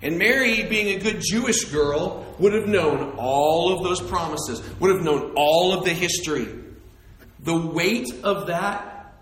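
A male pastor preaching in a lively storytelling manner, often slipping into the voices of the characters. His voice is fairly high for a man. It rings through a very echoey hall. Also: a little slow. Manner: animated storytelling, acts out characters. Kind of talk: sermon.

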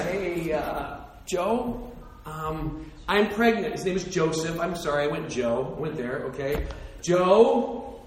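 A man preaching a sermon as a pastor, telling the story in an animated way and acting out the characters. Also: fairly high pitch, heavy reverb, slight background noise, low-quality recording.

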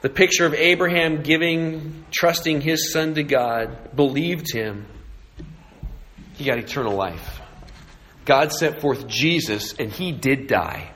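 A man's voice: fairly high pitch, takes it slowly, fairly bright tone, slight background noise. A man preaching a sermon in an earnest way, building intensity on key points and turning to prayer. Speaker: pastor.

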